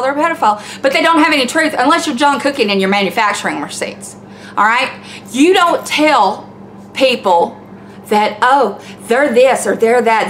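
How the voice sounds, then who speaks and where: A woman's voice: on the high side, fairly bright tone, a little hiss or hum. Blunt Southern woman ranting. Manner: blunt, fired-up and preachy, with cursing. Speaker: YouTube commentator. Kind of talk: ranting home vlog. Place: home, by the laundry.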